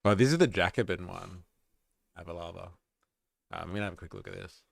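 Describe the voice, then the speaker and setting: Australian male streamer, deep and gravelly, relaxed swearing commentary, dry close sound. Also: fairly quick, dry recording. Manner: relaxed, swearing, reacting to clips with laughs. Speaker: live stream host. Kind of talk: casual live-stream commentary.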